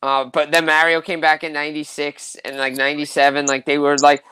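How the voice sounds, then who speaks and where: A man's voice: fairly high pitch, little pitch movement, fairly quick, bright, forceful tone, clear, resonant tone, dry recording, low-quality recording. A man co-hosting a hockey talk show, chatting eagerly as a fan and saying "like" a lot. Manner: enthusiastic fan, heavy use of "like". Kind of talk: casual sports chat.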